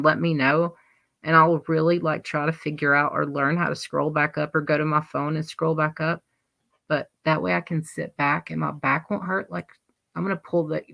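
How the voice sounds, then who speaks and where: A woman's voice: low voice, vocal fry, fairly bright tone. A woman with a Southern US accent hosting a livestream, chatting in a rambling, wandering way with lots of asides. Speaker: livestream host. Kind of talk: casual livestream chat.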